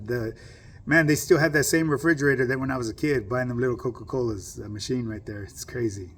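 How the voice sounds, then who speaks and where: A middle-aged man tells a story in a gravelly voice, full of street slang. He keeps checking in with "you know what I mean" as he talks casually to the camera. Faint noise sits behind him. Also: mid-range voice. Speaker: vlogger telling a personal story.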